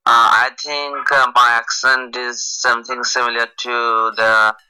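A man's voice: medium pitch, level tone, unhurried, sharp tone, smooth, poor audio. A man from Bangladesh, a police officer, talking as a guest over an internet call with many hesitations. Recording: compressed online call with faint music.

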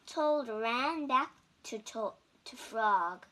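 A woman reading a children's picture book aloud slowly and carefully, with small restarts, then teaching and spelling out vocabulary words. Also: fairly high pitch, fairly bright tone. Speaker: storybook reader and English teacher. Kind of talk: children's storybook read-aloud.

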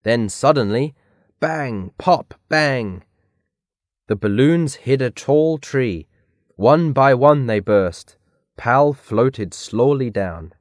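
A man reading a children's picture book aloud in a careful, clear read-aloud manner. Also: medium pitch, animated, takes it slowly, no echo, studio quality. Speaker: storybook reader. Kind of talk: scripted narration of a children's story.

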